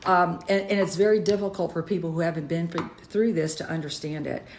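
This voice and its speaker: A woman with a lowish voice co-hosts a casual livestream chat. She talks earnestly and with emphasis, often picking up speed. The sound is roomy and echoey. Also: fairly even intonation, brisk, slight background noise. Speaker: co-host.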